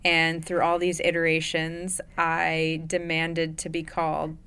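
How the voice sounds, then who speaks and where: A woman's voice: sits low, completely flat delivery, measured pace, a bit bright, clear, resonant tone. A woman hosting a recovery podcast in a booth, in playful, jokey casual chat. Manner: playful, jokey, laughs often. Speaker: podcast host. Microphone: studio mic.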